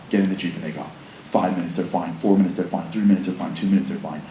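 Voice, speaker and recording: A man giving a motivational storytelling talk to a school audience, telling the story in an animated way and acting out the characters. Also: deep voice, very fast. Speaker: guest speaker. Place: school assembly hall. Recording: echoey hall with faint room noise.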